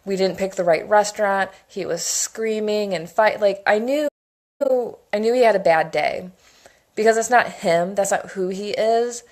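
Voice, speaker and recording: Woman, 30s, chatty and excitable, casual monologue, rambling stories. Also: medium pitch, a little slow. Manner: chatty and enthusiastic, rambling storytelling. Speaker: essential oils educator.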